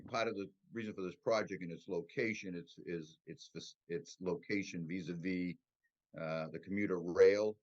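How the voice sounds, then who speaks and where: A man speaking for the applicant at a public board meeting, conversational and rambling. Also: sits low. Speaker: applicant representative. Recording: dull lo-fi audio.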